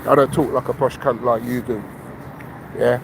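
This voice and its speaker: A man with a Cockney accent from London, ranting loudly and aggressively, swearing and firing off repeated rhetorical questions into a camera. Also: medium pitch, little pitch movement, normal speed, background noise. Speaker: vlogger. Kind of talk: angry ranting monologue. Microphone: handheld camera.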